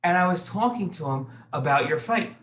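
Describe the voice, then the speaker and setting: A man doing a gentle, coaxing old-time priest. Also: sits high, animated, normal speed, reverberant. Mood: earnest. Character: gentle kindly male high priest, peacemaker.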